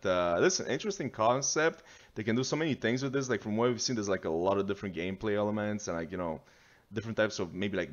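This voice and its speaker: A man's voice: fairly low pitch, dull audio. A man hosting a casual reaction video, rambling and thinking aloud as he watches. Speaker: video host reacting to a trailer.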